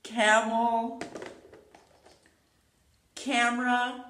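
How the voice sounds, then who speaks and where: A woman's voice: fairly high pitch, extremely slow, slight background noise. A woman preschool teacher giving a playful letter lesson and reading a book aloud to young children. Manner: animated, playful, sing-song. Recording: roomy echo.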